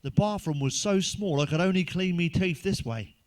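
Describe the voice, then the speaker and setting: A man whose voice sits high delivers crude stand-up at a moderate pace. Swearing freely, the comedian keeps it chatty and addresses the listener directly.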